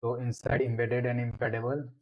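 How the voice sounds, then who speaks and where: A man's voice: medium pitch, little pitch movement, muffled recording. A man explaining a programming lesson step by step as he types code in a screencast tutorial. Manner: slow, step-by-step explaining while typing.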